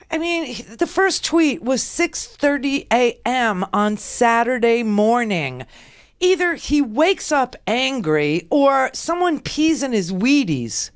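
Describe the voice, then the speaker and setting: A woman's voice: on the high side, no room sound, studio quality. A middle-aged woman hosting a political talk radio show, with a sarcastic, mocking delivery. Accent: New York.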